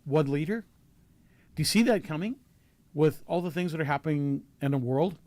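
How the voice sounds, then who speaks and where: A man's voice: a little high, moderate pace, a little mellow, no echo. A man hosting a talk show, asking earnest questions with many fillers and restarts. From Canada. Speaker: show host. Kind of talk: casual talk show discussion.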